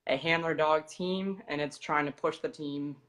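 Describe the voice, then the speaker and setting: A woman's voice: low-pitched, steady tone, moderate pace, a bit bright. A young woman with an American accent, a dog trainer talking as an interview guest in a matter-of-fact, explanatory way. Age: young adult. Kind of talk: casual interview talk.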